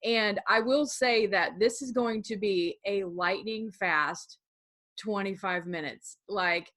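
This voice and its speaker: A woman in an online training session talks quickly and chattily, filling her speech with little fillers as she hurries through her material. She sounds relaxed and informal over a video call, and her voice sits at an ordinary pitch. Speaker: assistive technology specialist presenting a webinar. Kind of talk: casual, fast-paced webinar presentation.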